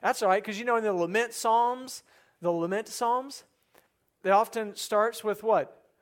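High-voiced preaching man. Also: a little slow. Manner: earnest preaching, drops soft and low on quoted prayers; asks the congregation rhetorical questions. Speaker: pastor. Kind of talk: sermon.

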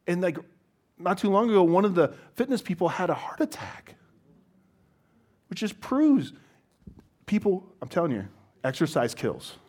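A man's voice: sits high, sing-song, moderate pace, pauses often, a little mellow, slight background noise. Man preaching a casual, joking sermon. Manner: wry, self-deprecating humor with frequent restarts. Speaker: pastor. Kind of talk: conversational sermon.

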